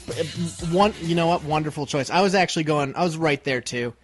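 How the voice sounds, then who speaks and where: A young man co-hosting a podcast, chatting casually and playfully, cracking jokes and clearing his throat now and then. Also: a little high, quick pace, faint music behind. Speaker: podcast co-host.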